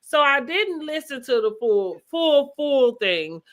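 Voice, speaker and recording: A woman's voice: high-pitched, big pitch swings, slow pace, fairly bright tone. A woman co-hosting a casual reality-TV recap podcast, talking through the drama with rhetorical questions and easy laughs. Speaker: podcast co-host.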